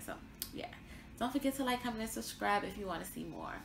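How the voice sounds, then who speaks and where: A woman's voice: medium pitch, lively intonation, quick pace, creaky, a little hiss or hum. Chatty young woman in an echoey room. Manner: chatty, rambling with many fillers and laughs. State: pregnant, tired. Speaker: vlogger. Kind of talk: casual pregnancy update vlog.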